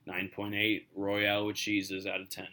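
A man's voice: lowish voice, monotone, moderate pace, sharp tone. A man in his thirties co-hosting a podcast, chatting casually about a film and rambling with lots of fillers and restarts. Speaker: podcast co-host. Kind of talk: casual movie review chat.

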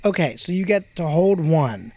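A man's voice: a little high, lively intonation, moderate pace, noisy background. A man narrating as game master of a tabletop game, full of hesitant ums and uhs.

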